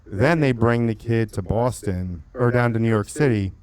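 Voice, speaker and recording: A man co-hosting a podcast, telling animated stories and acting out quotes in casual chat. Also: on the low side, moderate pace, clean tone, no echo. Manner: animated storytelling, swears, acts out quotes. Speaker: podcast co-host.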